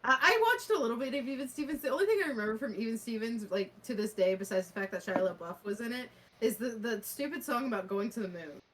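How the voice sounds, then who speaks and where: A woman's voice: fairly high pitch, quick pace, a bit bright, a little hiss or hum. A young woman co-hosting a casual podcast chat, laughing often as she talks. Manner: giggly, laughs often while talking. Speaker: podcast co-host.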